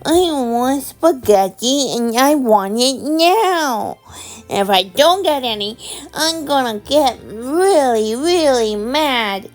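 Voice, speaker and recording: A woman voicing an excitable, demanding three-year-old boy who squeals and repeats his words in a children's storybook telling. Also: high-pitched, a little slow, gravelly, few pauses, soft background music, pitched above the performer's own voice. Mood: whiny. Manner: squealing, chanting words over and over.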